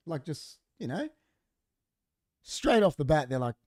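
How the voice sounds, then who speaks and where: A man's voice: a little high, normal speed, pauses often. A man, a podcast co-host telling a story in casual chat in a studio, acting out what people said. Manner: animated, acts out quoted dialogue.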